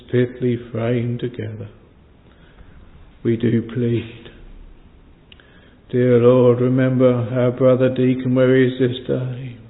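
A man leading a long extemporaneous prayer from the pulpit, solemn and pleading, in old-fashioned thee-and-thou phrasing with long pauses. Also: medium pitch. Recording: phone-like sound with long hall reverb.

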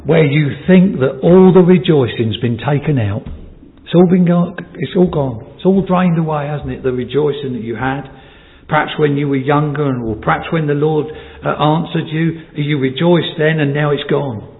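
A fairly high-voiced preacher delivers a sermon in a church hall. He swings from hushed, questioning asides to impassioned climaxes. The sound is tinny and phone-like, with a long reverb trailing off the walls. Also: moderate pace. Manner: rising to impassioned peaks, then dropping to quiet asides; asks the congregation many rhetorical questions.

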